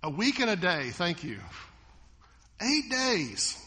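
A pastor with a high-pitched voice delivers a slow sermon in a church sanctuary, the sound filling a big room. He preaches with animation, voicing the people he quotes and asking his congregation questions.

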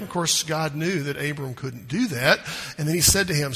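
A man's voice: sits high, expressive, normal speed, bright, forceful tone, breathy edge. A man preaching a sermon in a church, folksy and conversational, full of rhetorical questions to the congregation. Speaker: pastor. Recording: hall reverb.

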